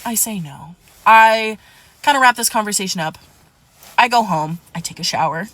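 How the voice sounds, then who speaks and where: Bright-voiced woman telling a dramatic storytime. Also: mid-range voice, animated, normal speed, no echo. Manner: dramatic, profane, addresses viewers as "divas". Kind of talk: casual storytime.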